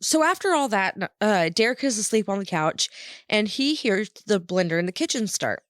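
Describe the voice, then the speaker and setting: Woman cohost walking through a movie plot, expressive voice, dry close mic. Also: mid-range voice, normal speed, no echo. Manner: recaps plot plainly, teasing. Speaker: podcast co-host. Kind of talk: casual chat.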